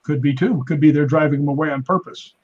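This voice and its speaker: A man's voice: fast talker, slightly rough, dull audio. A man, a guest stuntman, telling stories casually on a podcast and acting out the quoted voices. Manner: animated storyteller, acts out quotes with raised pitch. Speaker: guest stuntman and paranormal investigator.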